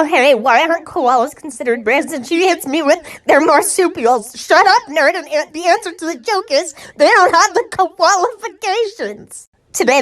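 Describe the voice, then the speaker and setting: Girl reading tweets to her phone, high voice, bouncy and playful. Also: a bit bright. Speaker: tiktok creator reading tweets. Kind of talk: reading tweets aloud to camera.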